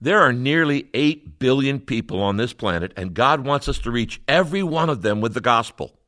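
A man's voice: mid-range voice, expressive, moderate pace, fairly bright tone. A man, a pastor, reading a scripted appeal to listeners in an earnest, direct way.

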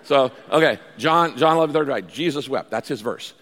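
A man preaching as pastor, animated, acting out pleading prayers and telling stories to his congregation. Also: mid-range voice, a little fast, big-room sound. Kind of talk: sermon.

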